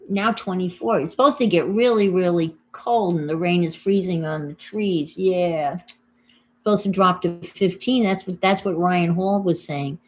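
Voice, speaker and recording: An older New Yorker speaks in a fairly low, darkish voice during her crafting livestream. She talks casually to viewers while working, greeting them and musing aloud about what she's doing.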